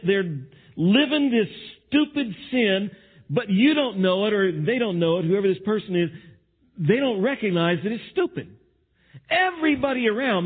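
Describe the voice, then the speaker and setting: A man's voice: sits high, husky, narrow, tinny audio. A man preaching a sermon to his congregation, acting out the voices of others as he talks. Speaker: pastor.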